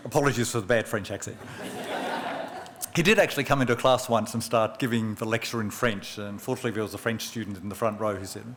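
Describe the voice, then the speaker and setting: A man, an economist, delivering a formal memorial oration in a measured lecturing way, with rhetorical questions and personal anecdotes, at a podium microphone. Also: lowish voice, fairly even intonation, background noise. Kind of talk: formal public speech. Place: large function room at a press club.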